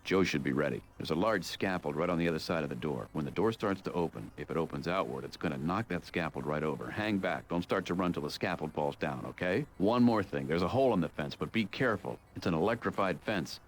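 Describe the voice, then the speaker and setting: An actor playing a calm male leader who gives steady, clear instructions. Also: low-pitched, quick pace, few pauses, slight background noise.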